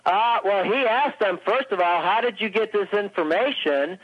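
A man's voice: sits high, moderate pace, husky, no echo. A polite, deferential man calling in to a radio show over the phone. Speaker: caller. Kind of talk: call-in radio talk. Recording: muffled phone line.

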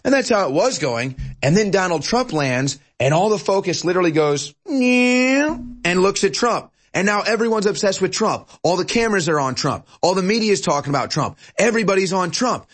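Animated higher-pitched male commentator. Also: fairly quick, few pauses, breathy edge. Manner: mocking, puts on sneering voices. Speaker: host.

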